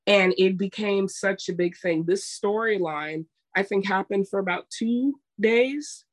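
A woman's voice: mid-range voice, unhurried, few pauses. A woman co-hosting a casual chat, telling stories emphatically and acting out what people said. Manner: emphatic, retells scenes with quoted voices. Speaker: podcast co-host.

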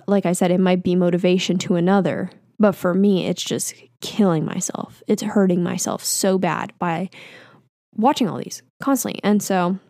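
A woman's voice: medium pitch, a little mellow, no room sound, clean studio sound. A woman in her twenties hosting a casual solo podcast, talking candidly and self-deprecatingly with lots of fillers. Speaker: podcast host. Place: home. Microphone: podcast microphone.

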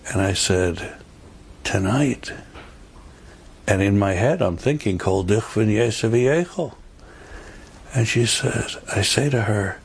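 A middle-aged man preaches at an unhurried pace in a low, gravelly voice. He tells his story emphatically, circling back to repeat key phrases and pushing them up in pitch. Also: lively intonation. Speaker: rabbi giving a holiday talk. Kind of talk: storytelling sermon.

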